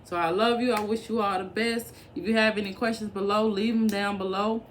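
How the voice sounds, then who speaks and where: A woman's voice: mid-range voice, fairly even intonation, brisk, a little hiss or hum. A young woman vlogger giving casual, encouraging advice straight to the camera, chatty and full of fillers. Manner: conversational, encouraging, colloquial with fillers.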